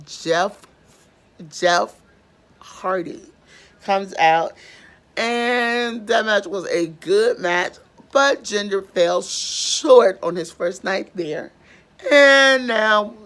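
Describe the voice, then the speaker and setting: A woman's voice: medium pitch, slow pace, a bit bright. A young woman recapping events on her vlog, chatty and rambling with lots of fillers, her voice a bit strained. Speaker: vlogger.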